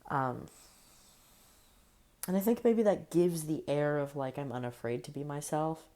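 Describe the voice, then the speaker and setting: A young woman with a low, deep-set voice talks to camera in a loose, meandering vlog. She is earnest and affirming, drifting between thoughts with fillers and soft laughs. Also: measured pace. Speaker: vlogger. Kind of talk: casual reflective monologue.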